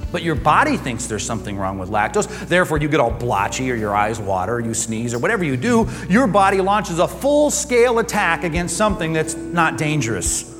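Man, pastor, sermon, lively swinging pitch, acts out quoted voices, church hall reverb.

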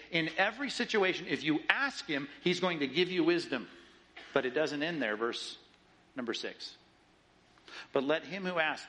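A man preaching a sermon in an animated way, acting out the voices of doubters as he reads and explains scripture. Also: fairly high pitch, rough recording. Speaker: pastor.

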